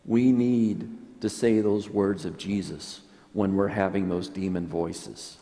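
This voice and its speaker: Slow-spoken priest in reverberant church. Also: male voice, low-pitched, steady tone. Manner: earnest and reflective, drops to soft quiet tones. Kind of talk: sermon.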